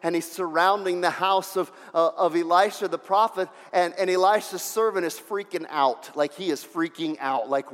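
A man preaching a sermon, animated, acting out voices and swinging from loud to hushed. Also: high-pitched, a little fast, few pauses. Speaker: pastor. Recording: long hall reverb.

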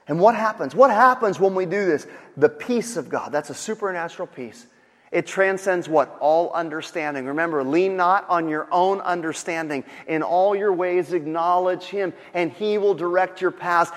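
A man's voice: on the high side, normal speed. A man preaching a sermon as pastor, dynamic, acting out panicked voices of others. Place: church sanctuary. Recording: long hall reverb.

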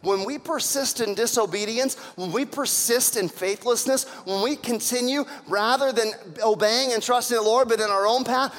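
A man with a high voice preaches a sermon, retelling scripture stories with lively energy and briefly acting out the people in them. His voice rings out with the long reverb of a large hall. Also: normal speed, hardly any pauses. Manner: animated storytelling with acted-out voices. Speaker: pastor.

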